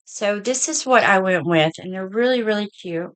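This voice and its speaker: A middle-aged woman with a Southern US accent, a bit hoarse, chatting in a folksy way through a casual haul video. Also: medium pitch, normal speed. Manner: chatty, folksy, says y'all. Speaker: vlogger.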